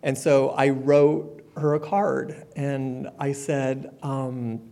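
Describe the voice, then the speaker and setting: A man's voice: mid-range voice, little pitch movement, very slow, vocal fry. Man sharing a candid recovery story. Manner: candid and conversational, with fillers and soft laughs. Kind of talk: personal testimony at a support meeting.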